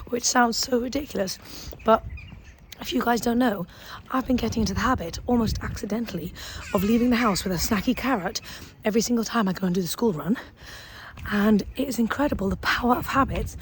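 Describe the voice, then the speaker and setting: Woman, 30s, upbeat food vlogger, slightly high voice, faint noise. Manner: chatty, enthusiastic, talks while eating. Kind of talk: casual food vlog chat.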